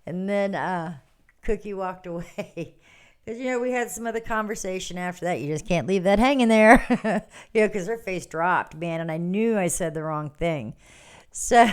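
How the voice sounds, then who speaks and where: A woman's voice: mid-range voice, clean tone. A woman hosting a casual morning livestream, telling a story to her viewers and laughing often as she talks. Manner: chatty and animated, laughs often, reads out viewer comments. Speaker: livestream host. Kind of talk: casual storytelling to a live audience.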